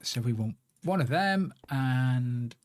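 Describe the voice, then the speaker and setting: A man's voice: medium pitch, lively intonation, slow pace. A man chatting casually on a live game stream, rambling to himself and greeting viewers by name. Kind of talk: casual live-stream chat while playing.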